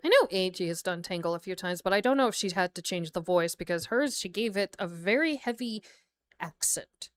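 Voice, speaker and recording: Chatty young American woman streamer, smooth voice. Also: on the low side, expressive, a little fast. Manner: rambling, chatty, laughs often, many fillers. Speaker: VTuber streamer. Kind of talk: casual livestream chat.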